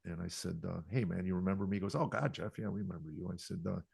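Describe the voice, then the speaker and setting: A man's voice: deep voice, little pitch movement, very fast, creaky, warm tone, husky, dry recording. An older man, a comedian, telling self-deprecating stories in a podcast interview. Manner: self-deprecating, quotes people in acted voices. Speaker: comedian guest.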